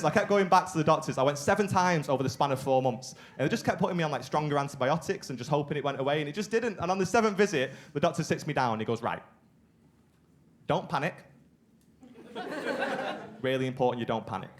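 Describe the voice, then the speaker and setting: Male comic, young, slightly high voice, live theatre set with audible background noise. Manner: animated storytelling, acting out both sides of conversations. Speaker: stand-up comedian. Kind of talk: stand-up comedy set. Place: theatre stage with live audience.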